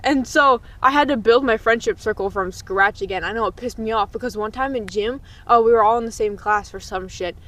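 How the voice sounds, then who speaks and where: A woman's voice: on the high side, brisk, few pauses, a bit bright. A young woman co-hosting a podcast, candidly recounting school drama and swearing freely. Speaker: podcast co-host. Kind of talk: casual storytelling chat.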